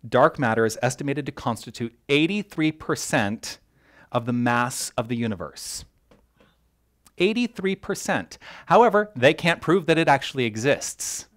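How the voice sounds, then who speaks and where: A man preaching a sermon as a minister, animated and joking with his congregation, tripping over his words when excited. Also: mid-range voice, normal speed. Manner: animated, self-interrupting, jokes with the congregation. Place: church hall.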